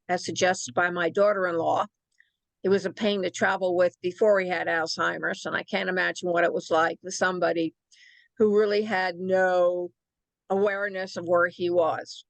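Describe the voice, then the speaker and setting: An older woman recounts her caregiving years in a plain, wry manner. Her voice has a gravelly edge. The sound is dry, with no room around it. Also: mid-range voice, a bit bright, dry recording. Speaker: guest caregiver. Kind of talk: personal story on a talk show.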